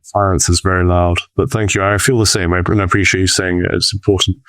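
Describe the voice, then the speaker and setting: A man's voice: deep voice, little pitch movement, fast talker, a bit bright, dry recording. A British man, a priest co-hosting a casual chat over a video call, speaking frankly and emphatically. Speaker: priest and co-host.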